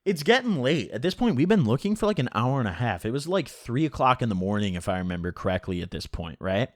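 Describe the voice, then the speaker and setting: A man's voice: mid-range voice, fast talker, dry recording, studio quality. A man telling a story in a casual vlog, swearing often and filling his talk with "like". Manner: animated, heavy swearing and filler "like". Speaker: storytelling vlogger.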